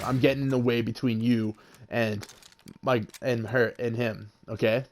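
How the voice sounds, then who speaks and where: A man's voice: mid-range voice, level tone, moderate pace, a little mellow. A young man casually telling a story about a confrontation, swearing freely and raising his voice when he quotes people. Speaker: vlogger.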